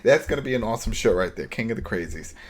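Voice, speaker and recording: Man, podcast co-host. Casual episode recap, animated delivery, slips into quick character impressions. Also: fairly low pitch, slightly rough. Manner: animated, acts out characters' lines mid-recap.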